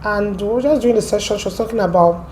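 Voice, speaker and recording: A woman with an American accent, from Port Harcourt, telling her story as an interview guest in a lively, animated way. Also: mid-range voice, fast talker, slight background noise. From Port Harcourt, Nigeria. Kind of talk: casual storytelling.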